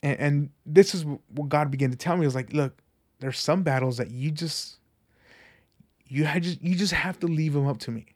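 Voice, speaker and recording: Young dude sharing his faith testimony, earnest, kinda higher voice, lots of restarts. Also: normal speed. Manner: earnest, animated, repeats himself and restarts. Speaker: church member sharing testimony. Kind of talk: personal testimony, conversational storytelling.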